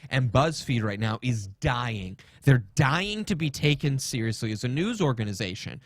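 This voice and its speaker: A man's voice: medium pitch, sing-song, normal speed, hardly any pauses, no room sound. A man hosting a podcast, telling a rambling story in a casual, swearing rant. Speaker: podcast host.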